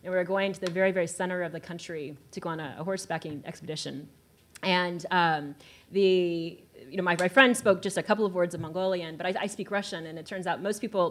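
A woman from Texas, a writer on a discussion panel, telling an anecdote in an animated way with laughter. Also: fairly low pitch, fast talker. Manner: animated, laughing, acts out quoted voices.

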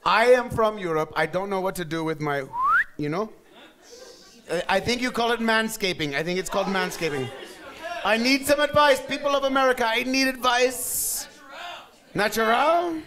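Live on stage at a burlesque show, a man with a high voice that swoops all over works the room as emcee. He jokes bawdily and quizzes the audience. A lively crowd can be heard laughing around him. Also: normal speed. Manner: bawdy, teasing, quizzes the crowd. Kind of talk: live stand-up banter with audience.

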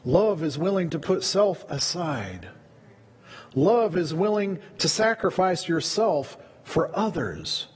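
Very animated yet slow-paced, this male pastor preaches in a loose, chatty style, often saying words twice mid-thought. His voice sits somewhat high with a husky edge, echoing through the long reverb of a church sanctuary.

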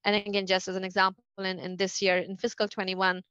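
A middle-aged woman speaks quickly in an interview, stumbling through fillers and restarts. Her voice sits at an ordinary pitch. The sound is dry and a bit dull, like a video call. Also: monotone, a bit bright, clear, resonant tone, dry recording. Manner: fast, halting, many fillers and restarts. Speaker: NASA associate administrator, interview guest. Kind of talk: conversational interview answers.

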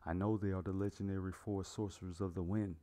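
A man reading as a grieving salesman turned avenger, a low male voice that sinks into choked, breathy whispers. The storybook voice stays plain and close to the reader's own. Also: level tone, fast talker, lightly acted. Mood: resolute. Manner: breaks into choked, quiet sobbing whispers.

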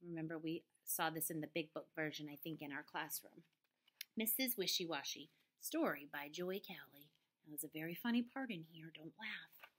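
A woman teacher reading picture books aloud to young children, slow and expressive with playful voices. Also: lowish voice.

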